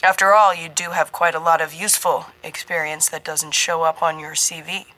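A woman doing an oily, booming male recruiter. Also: little pitch movement, normal speed, pushed and bright, rough recording. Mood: oily genial. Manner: booming, oozing, emphasizes every word. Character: genial, oily middle-aged male recruiter.

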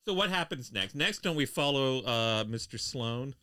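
A middle-aged man co-hosting a podcast in casual chat, dry and deadpan in his teasing. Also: mid-range voice, normal speed, no room sound. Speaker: podcast co-host.

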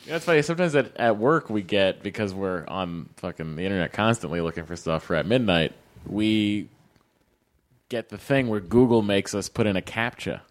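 A man's voice: lowish voice, moderate pace. A man co-hosting a casual podcast, teasing and wry. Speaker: podcast co-host.

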